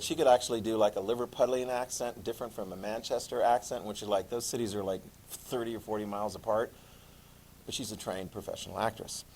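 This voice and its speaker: A man teaching a classroom lecture, chatty and animated, often checking in with his students. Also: on the low side, a little hiss or hum, poor audio.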